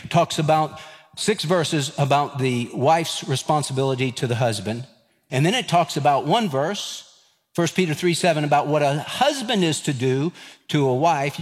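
Pastor in his fifties, animated. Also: fairly high pitch, big-room sound. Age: 50s. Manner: animated storyteller, acts out dialogue. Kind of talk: sermon with personal story.

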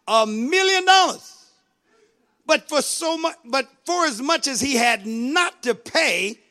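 A man preaching a sermon in a very high, forceful voice with a gravelly edge. He drives his points hard, shouts at the peaks and repeats short asides to his listeners.

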